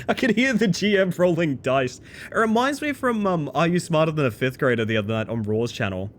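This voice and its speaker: A man, chatting excitedly as he streams a game live. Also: a little high, normal speed, slight background noise. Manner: excitable, chatty, bursts into loud exclamations. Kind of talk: live gameplay commentary.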